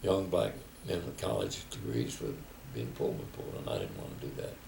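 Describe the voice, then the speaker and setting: A man's voice: a bass voice, very animated, a little fast, creaky, darkish tone, far from the mic. An older man telling stories in a reflective oral history interview, often quoting others. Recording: echoey room, faint background noise.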